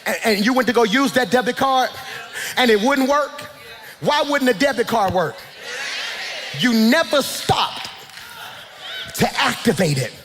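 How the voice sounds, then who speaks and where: A man preaching a sermon as pastor, fervent and shouting in rising calls. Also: very high voice, animated, a little slow, pauses often, big-room sound, slight background noise.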